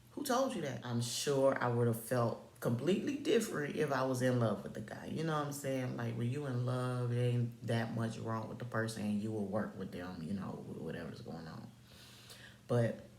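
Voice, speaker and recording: A woman's voice: a bass voice, normal speed, a little mellow, echoey room. A woman telling a personal story to the camera in a candid vlog, blunt and profane, with slangy asides to the viewer. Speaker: vlogger.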